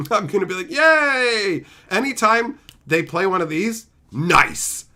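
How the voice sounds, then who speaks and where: A man's voice: sits high, normal speed, pushed and bright. A man live-streaming, chatting casually with viewers in joking, profane banter and reading their messages aloud. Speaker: streamer opening card packs.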